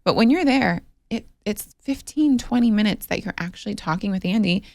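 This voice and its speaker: A woman's voice: medium pitch, lively intonation, brisk, creaky, dark tone, dry recording. A woman hosting a podcast in casual chat, eagerly prompting her guest and acting out quotes. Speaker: podcast host.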